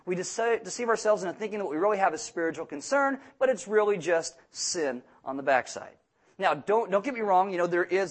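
A young man delivers a sermon with a light, joking touch. His voice sits high for a man, and he acts out the people he quotes with animated voices. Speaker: pastor.

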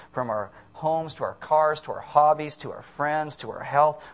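A man preaching a sermon, animated and jokey, acting out voices and bursting into sudden shouts. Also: fairly high pitch. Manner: animated, acts out voices of people and God.

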